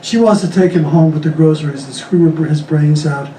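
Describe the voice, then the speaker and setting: A man doing stand-up comedy, rattling off deadpan jokes and chuckling at his own punchlines on a comedy club stage. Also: fairly high pitch, fairly quick. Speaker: stand-up comic. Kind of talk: stand-up joke telling. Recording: echoey club, distant mic, faint room noise.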